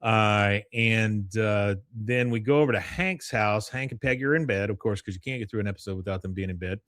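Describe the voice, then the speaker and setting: A man's voice: lowish voice, brisk, fairly bright tone, no echo, studio quality. A man casually recapping a cartoon episode as a podcast host, rambling with fillers and laughs.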